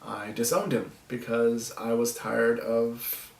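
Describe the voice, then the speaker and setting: A man vlogging to the camera, talking in a soft, halting way with nervous laughs and long pauses. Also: medium pitch, steady tone, gravelly, echoey room, distant mic, rough recording. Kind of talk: personal vlog talking to camera.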